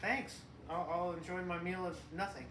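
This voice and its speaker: A middle-aged man co-hosting a casual podcast as the father, rambling and profane, breaking into loud mocking rants. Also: high-pitched, fairly even intonation, moderate pace, background noise. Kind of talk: casual chat. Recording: echoey room, distant mic.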